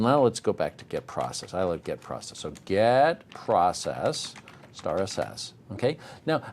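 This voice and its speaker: A middle-aged man teaching a technical course live, animated and joking, sometimes acting out little voices. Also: on the low side, a little hiss or hum. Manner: animated, jokey, acts out voices. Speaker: instructor. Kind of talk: live technical demo with banter.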